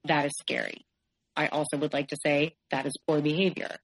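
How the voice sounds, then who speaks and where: Low-voiced woman telling her story frankly. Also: flat delivery, low-quality recording. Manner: frank, halting, with many "like"s and self-corrections. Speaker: podcast guest. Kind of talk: candid personal storytelling.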